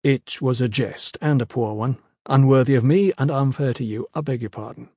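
A man's voice: medium pitch, moderate pace, warm tone, husky, no room sound. A man doing an earnest, awkward young recruit. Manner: eager, apologetic.

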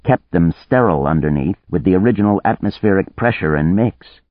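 A man's voice: low voice, animated, fairly quick, no room sound. A man as an earnest, coaxing negotiator. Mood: persuasive. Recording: narrow phone-like band, dry.

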